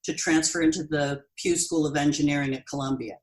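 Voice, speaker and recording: A woman in her sixties, a podcast guest telling a personal story in an earnest, halting way with pauses and restarts. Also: low voice, fairly even intonation, poor audio. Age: 60s. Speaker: podcast guest, bereaved mother.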